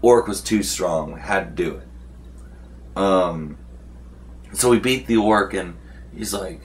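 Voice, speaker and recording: A man's voice: fairly low pitch, slow, long pauses. A young man casually recapping a tabletop role-playing session, rambling with fillers and restarts and acting out what the players said. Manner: acts out the game master's and players' lines.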